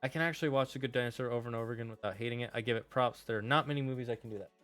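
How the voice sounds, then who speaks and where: A young man gives casual tier-list commentary on his stream, opinionated and quick to curse when something bugs him. His voice is bright and forceful. The sound is dry and close, with faint music underneath. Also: mid-range voice, no room sound. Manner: opinionated, swears while ranting.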